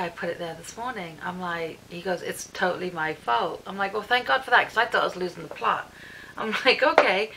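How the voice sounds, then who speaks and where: Here a British woman vents about her day in a home vlog shot on her camera, animatedly reporting what everyone said. Her voice sits at medium pitch with vocal fry, and the poor audio carries a slight hiss or hum.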